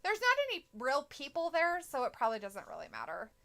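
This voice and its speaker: A woman's voice: high voice, wildly swooping pitch, fast, bright, forceful tone. A woman co-hosting a casual wrestling live stream, reading viewer comments aloud and reacting bluntly with plenty of swearing. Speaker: co-host reading chat.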